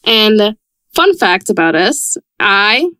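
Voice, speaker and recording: A young woman co-hosting a casual podcast, chatty and quick to swear, rushing through words in quick bursts. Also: medium pitch, very animated, sharp tone, clear, resonant tone, no room sound. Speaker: podcast co-host and founder. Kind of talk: casual chat.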